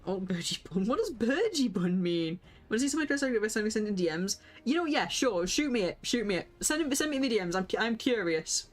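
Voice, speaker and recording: A woman, chatting excitably and giggling as she streams a game and talks to her viewers. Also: mid-range voice, brisk, few pauses. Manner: excitable, giggly, reacts aloud and chats with viewers. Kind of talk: casual live-stream game commentary.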